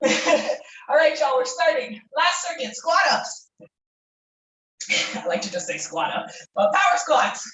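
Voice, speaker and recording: A woman leading a live workout class, energetic and encouraging, laughing and whooping while out of breath. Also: high voice, slow pace, long pauses, distant mic. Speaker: fitness instructor. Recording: echoey room, voice from off-mic.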